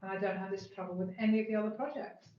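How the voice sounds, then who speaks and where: A woman's voice: mid-range voice, fairly even intonation, rapid-fire, close to an everyday voice. A woman playing a strict, bureaucratic PMO manager who complains indignantly about missing paperwork, in an amateur workplace role-play over a video call. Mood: exasperated. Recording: echoey room, dull lo-fi sound, faint noise.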